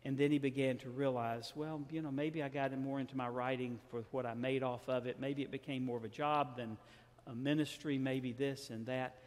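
Southern pastor telling a story, church echo. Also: male voice, medium pitch, steady tone, moderate pace, darkish tone. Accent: Southern American. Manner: storytelling, acts out dialogue with shifting tone. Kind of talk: sermon. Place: large church sanctuary. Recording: reverberant church hall.

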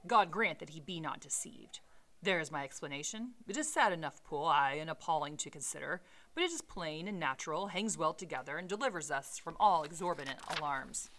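A measured male lawyer who explains things deliberately, as a woman reads him aloud. The tone is bright and forceful, set fairly low. It is told as a storybook reading. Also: lively intonation, slight background noise.

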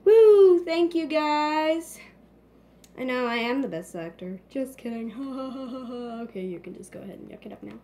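A woman's voice: sits high, expressive, unhurried, warm tone. A woman voicing a boastful toy pet actor who brags and then rattles off a long list of thank-yous.

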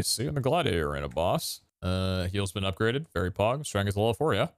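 A man giving casual gameplay commentary, excitable and swearing, with sudden loud outbursts and a voice that cracks. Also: on the low side, a little fast, slight background noise. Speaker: gaming streamer.

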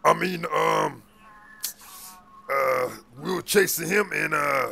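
A man's voice: a little high, takes it slowly, gravelly, bright, forceful tone, a little hiss or hum, exaggerated voice. A man playing a crooked male police officer after a bribe, talking in slangy street speech full of stammered fillers, in an improvised game role-play. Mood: scheming.

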